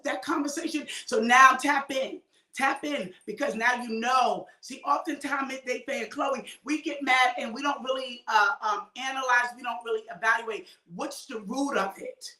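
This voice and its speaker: A woman with a New York accent preaching fiercely as a show host, hammering home repeated declarations and often shouting. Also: fairly high pitch, measured pace, recorded from a distance. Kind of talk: fiery preaching. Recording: echoey room, voice away from the mic.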